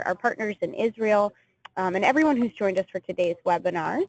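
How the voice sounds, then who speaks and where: A woman's voice: medium pitch, expressive, a little fast, highs cut off. A woman moderating a webinar, asking a question for the audience and politely thanking people as she wraps up. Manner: polite, wrapping up. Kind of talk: webinar hosting.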